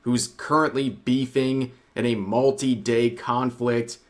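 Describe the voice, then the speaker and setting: Male commentary narrator, scripted delivery, sardonic and wry, mid pitch. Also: level tone, slow.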